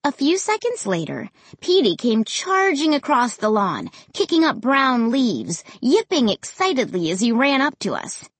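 A woman reading a first-person children's story aloud in an expressive, animated way. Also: sits high, measured pace, few pauses, breathy edge, no room sound. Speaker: audiobook reader.

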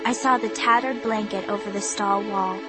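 A woman reading a spooky first-person story aloud in a measured, suspenseful way, with music behind her. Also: medium pitch, steady tone. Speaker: audiobook narrator. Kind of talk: first-person audiobook narration.

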